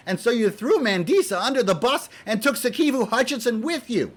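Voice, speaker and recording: A video blogger with a strikingly high-pitched voice rants heatedly to camera, swearing freely and sounding exasperated. As his anger builds he stumbles and repeats himself, swinging from loud outbursts to quieter muttered asides. His intonation is lively and he talks fairly quickly.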